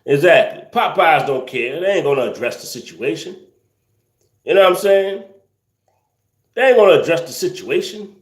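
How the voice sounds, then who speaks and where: A man's voice: fairly high pitch, reverberant. A man hosting a casual livestream, reading viewer comments and ranting with incredulous laughter and slang.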